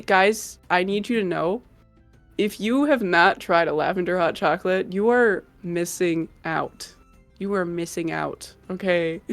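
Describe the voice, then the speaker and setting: A woman's voice: medium pitch, no room sound. Bubbly giggly woman streamer chatting w/ chat, gushy, dry close mic. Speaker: livestream host. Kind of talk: casual chat with live chat.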